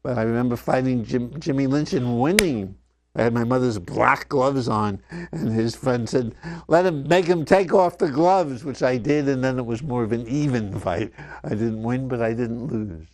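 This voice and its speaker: An older man telling personal memories straight to his father, reflective, often letting his voice sink soft and low. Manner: slow, reflective, often dropping softly. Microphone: wired microphone.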